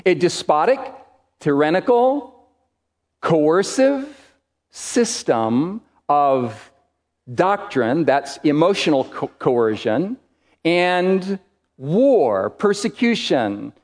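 A man preaching a sermon with a high, lively voice that rises and falls widely. He speaks slowly and emphatically, leaning on single words and pausing between phrases. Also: in a large hall. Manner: emphatic, deliberate preaching with dramatic pauses.

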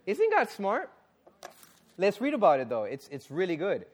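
A man preaching a sermon and reading scripture, exclaiming and questioning the congregation, then dropping to a low, earnest tone for serious points. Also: normal speed. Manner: animated, exclaiming and asking the audience questions.

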